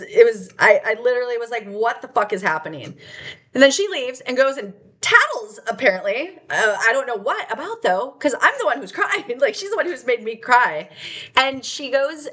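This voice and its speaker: A woman's voice: fairly high pitch, pushed and bright. A woman giving a raw, unscripted personal testimony, emotional and candid, rambling with laughs and the odd swear word. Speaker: vlogger sharing her life story.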